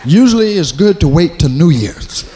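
With a darkish tone and a voice on the high side, this male stand-up comic tells stories at normal speed with lively intonation, loosely and profanely, now and then imitating himself in different voices. A little hiss or hum is audible.

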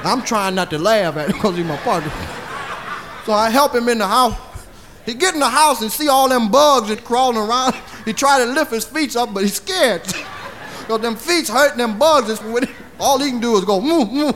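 A man's voice: extremely high pitch, moderate pace. A man doing stand-up storytelling in a bawdy, drawling way, tagging lines with "see?". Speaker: comedian. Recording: live comedy record with audience laughter and noise.

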